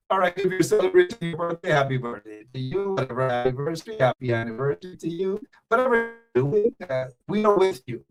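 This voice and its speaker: A man closes out his live show and speaks straight to his viewers in a preachy, repetitive way. His voice sits a little high for a man. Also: animated, brisk, hardly any pauses, a bit bright, soft background music. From Guyana. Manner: preachy, repeats phrases, addresses viewers directly. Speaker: show host. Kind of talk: casual live-stream sign-off.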